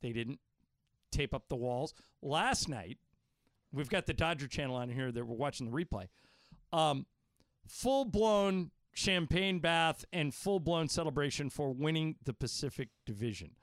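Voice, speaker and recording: A man's voice: fairly high pitch, expressive, measured pace, dry recording, studio quality. A man hosting a sports talk radio show, pressing his co-hosts with pointed questions. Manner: argumentative, probing questions. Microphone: studio microphone.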